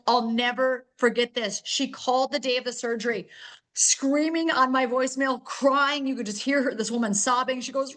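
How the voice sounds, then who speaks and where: A woman hosting an online chat, talking in an effusive, excitable, gushing way. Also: sits high, normal speed. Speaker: host. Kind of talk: enthusiastic online sales chat.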